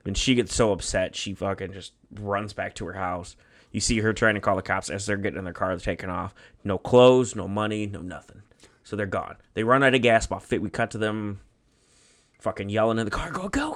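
A man's voice: lowish voice, fairly quick. A man co-hosting a podcast, casually telling a made-up story in a rambling, profane way. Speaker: podcast co-host.

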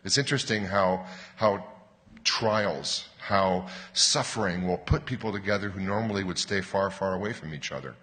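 A man preaching a sermon as pastor, earnest and explanatory, pressing hard on key words and slowing down to stress a point. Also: low voice, bright, forceful tone. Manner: earnest, explanatory, with emphatic rises and slowed stresses. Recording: long hall reverb.

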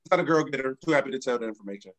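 A man's voice: mid-range voice, expressive, racing. A young man hosting a casual podcast, talking animatedly with theatrical protests and indignation. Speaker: podcast host.

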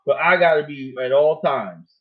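A man with a slightly high voice hosts a casual talk show at normal speed, chatting loosely and often ending his points with "you know what I'm saying." The audio is narrow and phone-like.

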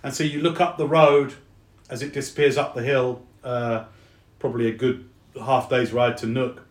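A man's voice: medium pitch, flat delivery, moderate pace, echoey room. A man narrating a tabletop game as game master, casual and chatty.

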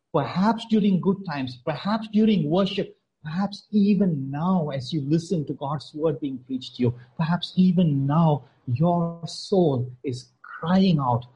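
A man delivering a sermon with a fairly high but warm, mellow voice. He preaches earnestly, leaning on repeated phrases and dropping soft before building back up with emphasis. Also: lo-fi sound.

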